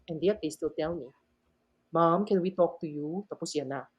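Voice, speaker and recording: A woman's voice: normal speed, muffled recording. A middle-aged woman with a Filipino accent, a math professor who is a guest on a podcast, telling stories and acting out dialogue as she mixes English with Tagalog. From Philippines. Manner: switches between English and Tagalog, acts out dialogue; lively, swooping pitch. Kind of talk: animated storytelling interview.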